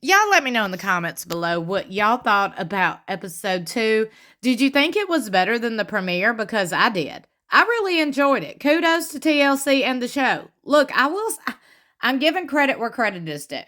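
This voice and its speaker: A woman's voice: on the high side, big pitch swings, normal speed, pushed and bright. Sassy woman recapping TV. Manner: sassy, chatty, quotes people with playful asides. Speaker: reality TV recap host. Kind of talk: casual recap commentary.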